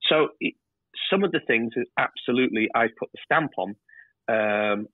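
A man, a TV director, telling lively stories in a casual interview and swearing freely. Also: mid-range voice, moderate pace, no echo. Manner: animated storyteller, swears freely. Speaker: TV director, guest. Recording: tinny phone-like line.

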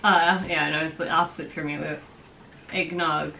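A woman vlogger chatting through a trivia game, giggly and playful. Her voice is bright and crisp at a middle pitch, with faint noise behind it. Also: steady tone, normal speed, poor audio. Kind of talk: casual trivia chat.

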